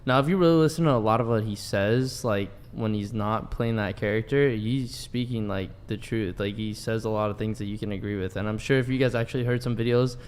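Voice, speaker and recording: A man's voice: lowish voice, a little fast, few pauses, clear, resonant tone. A man on a dating talk panel, giving his opinion in a rambling way with lots of "like.". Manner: rambling, filler-heavy, full of "like". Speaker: panel guest. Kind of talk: casual opinion chat.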